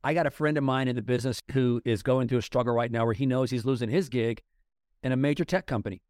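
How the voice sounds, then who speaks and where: A man's voice: mid-range voice, quick pace, darkish tone, smooth, dry recording. Blunt middle-aged man in a dry room. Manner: blunt, emphatic storyteller. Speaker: guest. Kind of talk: casual podcast interview. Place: Denver.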